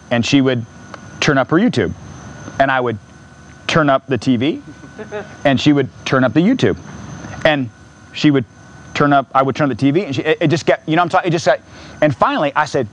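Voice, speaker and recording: A man pastor preaching an impassioned sermon in a church, repeating phrases and rising to near-shouts. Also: medium pitch, lively intonation, fairly quick, long pauses, a little hiss or hum.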